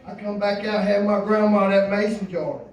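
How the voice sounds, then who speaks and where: A first-time comedian telling a story on stage, animated and colloquial, laughing as he goes. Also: high-pitched, normal speed. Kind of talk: stand-up storytelling. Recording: echoey club from far off.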